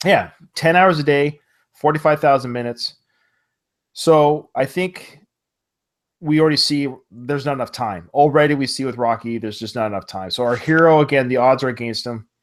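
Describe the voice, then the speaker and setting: Podcast co-host, man, casual and animated, recaps movie scenes, mid voice, call audio. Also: mid-range voice, normal speed. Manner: animated, quotes movie lines in retelling. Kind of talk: casual film discussion. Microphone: remote call.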